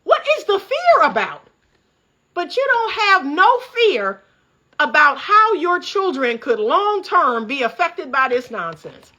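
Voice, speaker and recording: Woman, high voice, bright tone, fired-up preachy commentary, laughing often. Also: big pitch swings, slow, highs cut off. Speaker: relationship coach. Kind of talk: casual commentary vlog. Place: upstairs room by a window at home.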